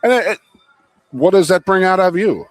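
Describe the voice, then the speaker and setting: A man from the Philadelphia area, co-hosting a live talk show, telling stories in an animated way and laughing easily. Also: sits high, normal speed, faint music behind. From Philadelphia area, USA. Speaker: co-host. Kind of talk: casual sports talk show chat. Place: restaurant.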